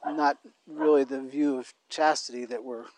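A man co-hosting a casual conversational podcast, talking in a thoughtful, halting way and often restarting his phrases. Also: mid-range voice, steady tone, darkish tone, a little hiss or hum. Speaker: podcast co-host.

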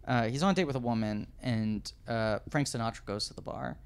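A man in his thirties, a podcast guest telling an anecdote in casual chat, animated and digressive. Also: mid-range voice, fairly quick, clean tone. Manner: animated, digressive storyteller, does voices.

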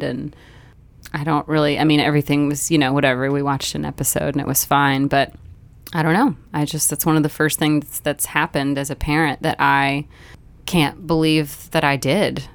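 A woman in casual conversation, telling a story about her child with lively, self-critical storytelling. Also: low voice, brisk. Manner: animated storytelling, acts out voices. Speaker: parent sharing a story. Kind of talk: casual chat.

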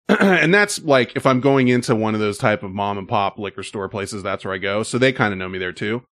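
A man's voice: fairly low pitch, animated, brisk, fairly bright tone, dry recording, studio quality. Rambling man in casual chat. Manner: rambling storyteller, many fillers.

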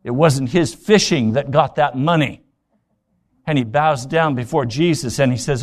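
Storytelling pastor preaching a sermon. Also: male voice, medium pitch. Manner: storytelling preacher acting out scripture dialogue; rapid rhetorical questions to the congregation.

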